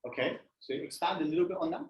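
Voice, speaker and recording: Chatty higher-voiced man leading a group session. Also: quick pace, highs cut off. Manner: conversational, many fillers, asks the room questions. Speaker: spiritual society session leader. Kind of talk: casual talk with audience questions. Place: room with in-person and online audience.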